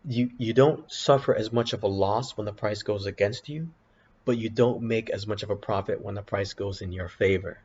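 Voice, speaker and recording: A man's voice: on the low side, normal speed, darkish tone, slightly rough. A man hosting a casual options trading video, talking through charts in a rambling, self-correcting way with apologetic asides. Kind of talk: casual screen-share commentary. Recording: dull lo-fi sound with faint background hiss.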